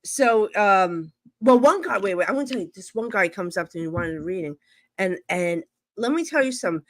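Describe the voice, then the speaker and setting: A woman psychic medium telling stories casually on a live stream video call, blunt and animated, acting out both sides of each exchange. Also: mid-range voice, brisk.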